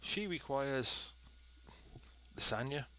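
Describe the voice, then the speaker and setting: A man's voice: medium pitch, animated, slow pace, sharp tone, slight background noise. A man giving chatty, dry, methodical commentary while playing a cooking game. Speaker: let's play host. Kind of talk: gameplay commentary.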